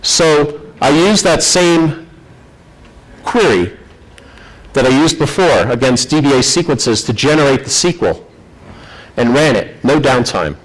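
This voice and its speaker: A man's voice: mid-range voice, breathy edge, low-quality recording. Guy doing a conference tech talk, storytelling vibe, voice bounces up and down a lot. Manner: animated storytelling, acts out quoted voices; self-deprecating, chatty. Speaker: conference presenter. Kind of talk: technical presentation.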